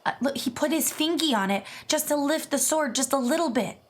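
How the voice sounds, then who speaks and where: A woman streamer chatting casually as she reacts to videos, excitable and gushing, swearing freely. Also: high-pitched, fairly quick. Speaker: VTuber streamer.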